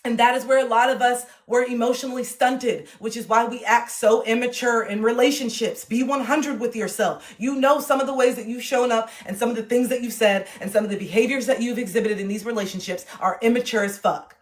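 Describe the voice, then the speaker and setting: A woman's voice: a little high, steady tone, brisk, hardly any pauses. A woman in her thirties, a relationship coach, giving blunt, emphatic motivational talk on a livestream and swearing freely. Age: 30s.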